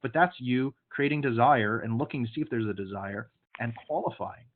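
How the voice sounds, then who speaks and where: A man's voice: medium pitch, brisk. Male sales trainer, direct and occasionally scolding, over a tinny call line. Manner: coaching, direct, sometimes stern. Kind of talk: online training session. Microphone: video call. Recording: phone-like video call audio.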